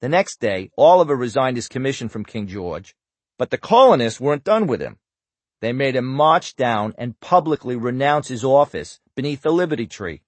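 A man voicing a smug know-it-all detective with a heavy Boston accent, loud and drawn out. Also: medium pitch, big pitch swings, moderate pace, dry recording. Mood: smug lecturing.

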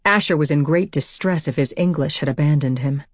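A woman narrating a first-person audiobook in a steady, measured way on a close mic. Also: deep voice, no room sound.

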